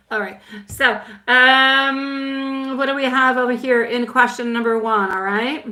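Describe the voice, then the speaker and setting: A woman hosting a live tarot stream, chatting warmly with viewers and mixing in Italian words and pet names. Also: high-pitched, fairly even intonation, unhurried. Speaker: tarot reader.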